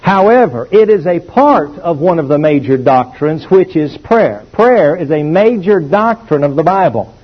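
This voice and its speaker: A man preaching in church, his husky voice swinging up and down as he stresses each point. He teaches emphatically and asks the congregation to say words back to him. The old recording sounds dull and lo-fi. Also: on the high side. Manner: emphatic, animated teaching with call-and-response. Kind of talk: sermon.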